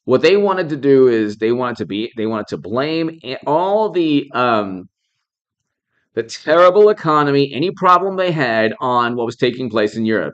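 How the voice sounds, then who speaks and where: A man's voice: mid-range voice, very animated, normal speed, a bit bright, lo-fi sound. A man hosting a live political commentary stream. He talks in an indignant, repetitive way, piling up rhetorical questions and stopping to thank viewers by name.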